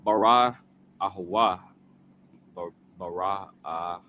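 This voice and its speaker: A man reading scripture aloud slowly, sounding out each word in pieces and repeating after a prompter. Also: low-pitched, highs cut off, slight background noise. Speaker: scripture reader.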